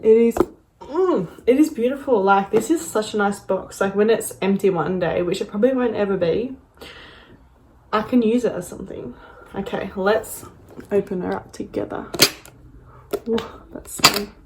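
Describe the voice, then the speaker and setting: A young woman, gushing and gasping with excitement as she unboxes in a casual vlog, sometimes dropping to breathy whispers. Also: mid-range voice, moderate pace, long pauses, noisy background. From Australia. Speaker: vlogger.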